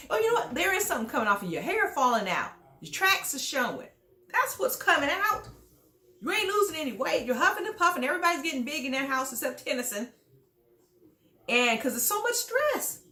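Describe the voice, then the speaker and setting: A woman's voice: very high-pitched, pushed and bright. A woman giving casual reality TV commentary, sassy and scolding as she talks straight at the people she judges. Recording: echoey room.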